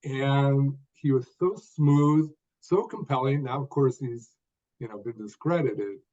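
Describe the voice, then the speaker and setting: Older man speaking in deliberate phrases. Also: mid-range voice, dark tone, highs cut off. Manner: speaks in short deliberate phrases with stressed words. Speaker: guest author. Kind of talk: podcast interview storytelling.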